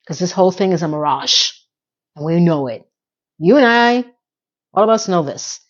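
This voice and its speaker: A woman with a lowish, expressive voice chats casually through a recap of a TV episode at normal speed, leaving long pauses. She tosses in asides, mock sound effects and playful impressions of the characters. The high frequencies are cut off.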